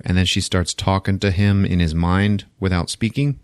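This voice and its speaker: A man's voice: deep voice, fairly even intonation, moderate pace, clean tone, no echo, clean studio sound. A man hosting a podcast, casually recapping a film in loose, profane storytelling and voicing the characters as he goes. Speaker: podcast host.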